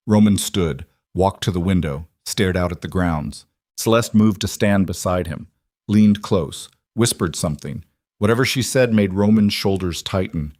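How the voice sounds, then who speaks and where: A man reading a dramatic story as narrator in a measured, even way. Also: deep voice, no echo, clean studio sound.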